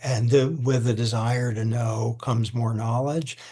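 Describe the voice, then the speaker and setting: An older man answers interview questions with a slightly husky voice at an ordinary pitch. He talks thoughtfully, pausing and restarting, and sometimes sounds moved, over a video call. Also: steady tone, mellow. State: emotional. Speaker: interviewee, law professor.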